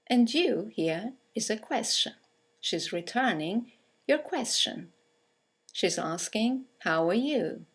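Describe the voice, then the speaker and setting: A woman teaching English in a scripted lesson, speaking with clear, careful delivery as she reads out example phrases. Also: medium pitch, expressive, slow pace.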